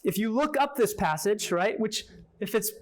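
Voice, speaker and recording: A man's voice: high-pitched, expressive, normal speed. A man leading an interactive Bible teaching for a small group, often checking in with "right?" and questioning his listeners. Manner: conversational, peppers points with "right?" and questions to listeners.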